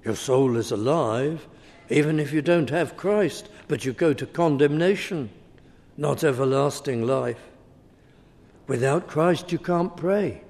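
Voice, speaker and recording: A man's voice: a little high, a little slow, a little mellow. A man preaching a sermon, speaking emphatically and returning again and again to a repeated refrain. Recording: reverberant hall.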